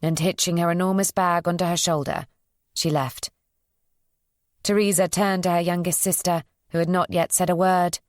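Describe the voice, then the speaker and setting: A woman reading a psychological thriller as an audiobook narrator, in an even, measured storytelling voice. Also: fairly low pitch, no room sound, clean studio sound.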